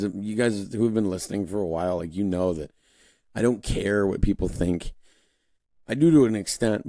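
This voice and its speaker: A young man with a low, deeply mellow voice hosts a casual political monologue. He rambles, restarts his sentences and slips into mocking voices to quote people. The sound is close and dry, with no room around it. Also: dry recording. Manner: conversational, rambling with frequent restarts and fillers; mocking put-on voices when quoting others. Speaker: podcast host.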